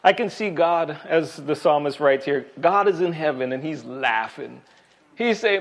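A man's voice: a little high, expressive, normal speed, highs cut off. A man preaching a Bible sermon in a conversational way, with frequent restarts and fillers. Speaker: pastor.

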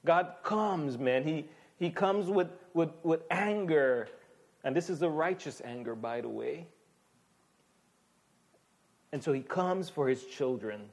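A pastor preaching a sermon in an emphatic, conversational way, often calling on listeners to listen. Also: male voice, fairly high pitch, expressive, slow, pauses often, a little mellow.

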